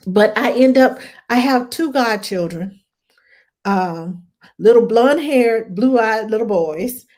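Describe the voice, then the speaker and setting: A woman's voice: fairly high pitch, expressive, takes it slowly, darkish tone. A woman who is a career nanny, chatting casually and telling stories, acting out the voices of the people she quotes and laughing often. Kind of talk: casual conversation, storytelling.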